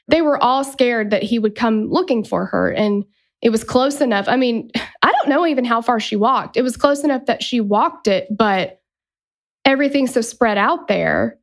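A woman's voice: fairly high pitch, normal speed. A woman hosting a true crime podcast, retelling a case in a casual, chatty way. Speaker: podcast host.

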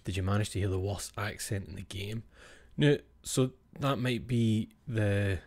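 A man's voice: fairly low pitch, steady tone, a little slow, darkish tone. Chatty Scottish man, swearing, whispered asides. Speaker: streamer. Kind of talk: casual chat with stream viewers.

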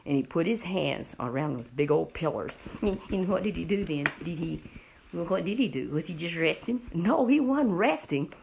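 Gravelly-voiced woman telling a Bible story. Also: on the low side, moderate pace, a little hiss or hum. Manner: animated, keeps asking the listener questions.

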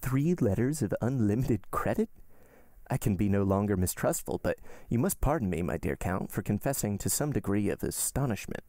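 A man reading aloud, voicing a greedy middle-aged banker who talks in an eager, flattering, obsequious way. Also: lowish voice, normal speed, no echo, studio quality. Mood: fawning. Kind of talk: audiobook reading.

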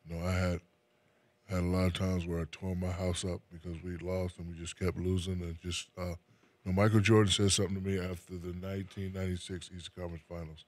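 A man in his forties from New Jersey talks with a very deep, low voice in a loose, unhurried interview chat. He often restarts his sentences, repeating his first words before going on. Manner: relaxed, repeats his words when starting. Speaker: guest.

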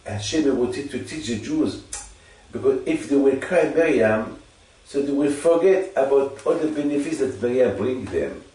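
A man's voice: mid-range voice, expressive, warm tone. Guy teaching torah, keeps repeating himself, big echoey room, mic far off. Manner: halting, repeats phrases for emphasis. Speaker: religious teacher. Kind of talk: informal Torah teaching to a listener.

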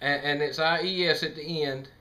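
A man putting on a slow-witted, rambling rural hillbilly character on a prank call. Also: a little high, fairly even intonation, bright, forceful tone. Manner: rambling, confused, drawling. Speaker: prank caller.

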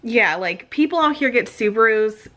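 A woman's voice: fairly high pitch, lively intonation, normal speed, fairly bright tone. A pregnant young woman hosting a casual vlog, chatty and giggly, filmed on a handheld camera in a car. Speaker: vlogger host. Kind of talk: casual chat.

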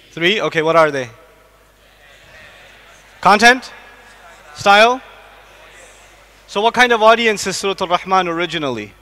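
A man from the United States, probably middle-aged, giving an animated religious lecture to a live audience, asking it questions and quickly reciting Arabic verses. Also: high-pitched. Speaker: Islamic lecturer. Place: large lecture hall. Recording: long hall reverb.

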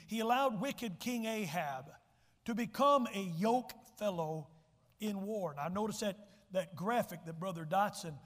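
A man preaching a sermon as pastor, folksy and emphatic, often repeating words as he restarts. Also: high-pitched. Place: church sanctuary. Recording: church hall reverb.

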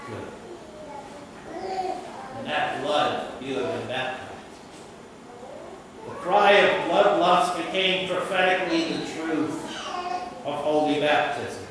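A man preaches a sermon in a church sanctuary, slow and emphatic, leaning on dramatic pauses. His voice sits a little high for a man. The mic is far off, so his voice rings through a big echoing hall over a clear background hum. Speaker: pastor. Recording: distant mic in a reverberant church.

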